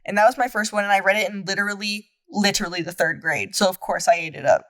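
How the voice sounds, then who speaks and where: A woman's voice: medium pitch, fast, fairly bright tone. A woman in her twenties co-hosting a podcast, chatting casually and rambling, acting out quotes in mocking voices. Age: 20s. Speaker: podcast co-host. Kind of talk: casual chat.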